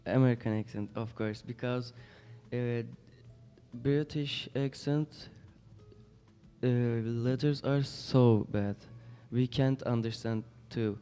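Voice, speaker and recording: A man's voice: medium pitch, slow, warm tone, in a large hall, faint music behind. A teenage boy with a Turkish accent, a student guest giving blunt opinions. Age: teens. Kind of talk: casual discussion.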